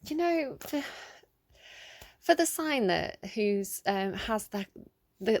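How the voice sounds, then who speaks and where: Chatty woman giving a tarot reading. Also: mid-range voice. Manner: chatty and rambling, many fillers. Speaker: tarot reader. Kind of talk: casual tarot reading to camera. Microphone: phone.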